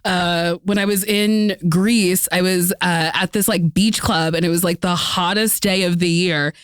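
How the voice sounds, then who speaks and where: Bawdy, animated woman telling stories. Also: fairly low pitch, unhurried, clear, resonant tone, dry recording, clean studio sound. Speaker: podcast guest. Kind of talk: casual chat.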